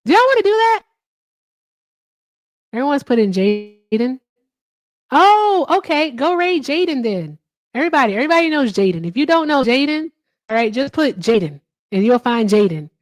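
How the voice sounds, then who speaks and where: An upbeat woman with a fairly high, very animated voice hosts a livestream, chatting casually with her viewers at a slightly quick pace. She keeps dropping in "all right" and swears without a second thought. The sound is dry and close on a streaming mic, with no echo.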